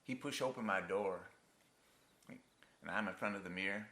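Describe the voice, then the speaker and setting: A man's voice: fairly low pitch, normal speed, pushed and bright. A man acting a stage monologue as a grown son haunted by his abusive father, telling it in a wry, folksy rural dialect on a theatre stage. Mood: rueful. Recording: roomy theatre sound.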